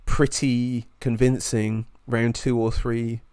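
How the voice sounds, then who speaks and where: A man's voice: medium pitch, level tone, takes it slowly, darkish tone, clear, resonant tone, no room sound, clean studio sound. A man co-hosting a sports podcast in casual chat, enthusiastic and openly emotional. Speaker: podcast co-host.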